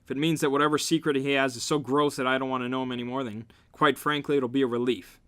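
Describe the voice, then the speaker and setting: A man's voice: mid-range voice, steady tone, quick pace, clear, resonant tone. Sarcastic man reading aloud with mocking asides. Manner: sarcastic, jumps to loud mocking outbursts. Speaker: reader, channel host.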